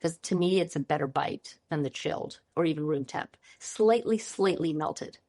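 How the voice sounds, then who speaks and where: A woman in her fifties talks as a chef guest, bubbly and descriptive as she dwells on food. Her voice is a bit low for a woman and sounds close and dry. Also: moderate pace, a little mellow, dry recording. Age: 50s. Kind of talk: casual interview chat.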